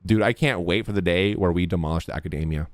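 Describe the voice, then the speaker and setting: A man's voice: deep voice, quick pace, dry recording, clean studio sound. A young man streaming a game, heckling and cursing at the characters on screen. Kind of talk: reacting to gameplay.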